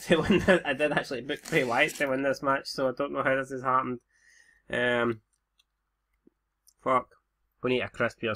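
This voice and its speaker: A young Scottish man commenting casually on a game, swearing freely and joking with his viewers. His voice is bright and forward. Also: mid-range voice. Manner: sweary, laid-back banter. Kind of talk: casual let's-play commentary.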